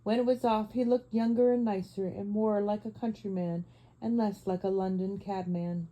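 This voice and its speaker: Woman audiobook narrator, measured and expressive, very dark warm tone. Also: medium pitch, poor audio. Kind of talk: audiobook reading.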